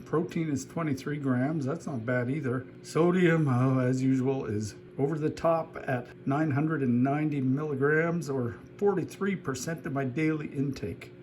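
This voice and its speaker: A man's voice: fairly high pitch, dark tone, a little hiss or hum. A man from North America giving a casual food review at home in his kitchen, blunt and openly disgusted.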